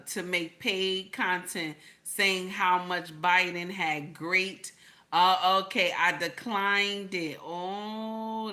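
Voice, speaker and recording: A woman with speech hosting a casual livestream, reading chat messages aloud and reacting with loud, laughing commentary. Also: medium pitch. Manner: animated, laughing, talks back to chat.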